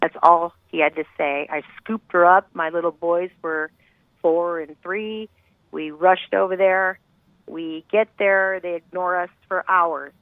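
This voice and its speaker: Speaking fairly low and steadily at a slightly slow pace, a middle-aged woman recounts her story as a grieving mother. She is a guest on a tinny, dry phone call, and her telling is intense, rambling, and full of feeling.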